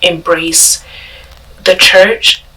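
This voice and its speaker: A woman's voice: lowish voice, steady tone, drawn-out words, pushed and bright, recorded from a distance, poor audio. A woman guest on a parish podcast, telling her faith story in a reflective way with many fillers and restarts.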